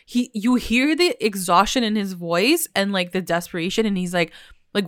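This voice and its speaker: A woman's voice: mid-range voice, moderate pace, fairly bright tone, clear, resonant tone, no room sound, studio quality. A woman chatting casually about a TV episode, filling her talk with "like" and acting out the characters' lines. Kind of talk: casual TV recap chat.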